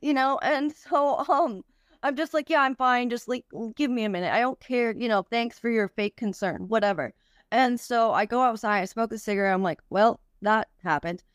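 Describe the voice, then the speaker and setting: A woman's voice: a little high, moderate pace, dry recording, studio quality. A young woman, a podcast guest, tells a personal story candidly, with frequent swearing and many "like" fillers.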